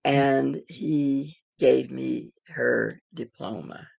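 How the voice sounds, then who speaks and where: An older woman telling a personal story in an interview, in a measured, reflective way. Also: very deep voice, vocal fry, a little mellow, breathy edge, no echo. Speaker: interviewed elder.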